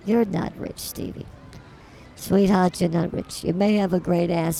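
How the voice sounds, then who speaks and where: A woman's voice: lowish voice, steady tone, measured pace, gravelly, warm tone, a little hiss or hum. A woman co-hosting a comedy podcast, teasing and rambling through improvised banter. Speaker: podcast co-host.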